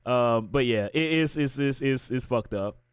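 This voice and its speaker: A man's voice: medium pitch, unhurried, smooth, dry recording. A man livestreaming and chatting casually, ranting with lots of swearing while retelling a story. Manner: profane, ranting, animated storytelling. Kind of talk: casual chat.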